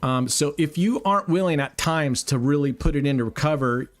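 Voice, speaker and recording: A man's voice: a little high, brisk, faint music behind. Blunt, foul-mouthed male stream host. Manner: blunt, heavily profane storytelling; rambling, with many fillers and restarts. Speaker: roulette livestream host. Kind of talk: casual live-stream chat.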